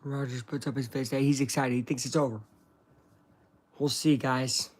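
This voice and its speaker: A man hosting a live stream, giving chatty play-by-play commentary and reacting excitedly to the action while talking to his viewers. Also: mid-range voice, normal speed. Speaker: streamer hosting a live game watch-along.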